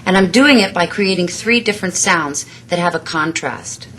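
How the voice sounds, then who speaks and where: Female vocal coach, lowish voice, teaching and modeling sounds with brisk praise. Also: fairly bright tone, slight background noise. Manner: instructive, demonstrates sounds, gives quick praise. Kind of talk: vocal lesson.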